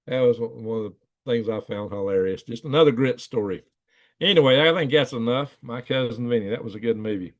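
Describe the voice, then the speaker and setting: A man's voice: medium pitch, a little fast. Man hosting a live stream, middle-aged, rambling yarn-teller who chuckles and acts out the voices in his stories. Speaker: livestream host. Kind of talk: casual storytelling to live chat.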